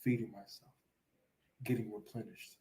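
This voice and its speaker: A man putting on a quiet, low, smug voice for a calm male fighter caught snacking. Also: normal speed, lightly acted.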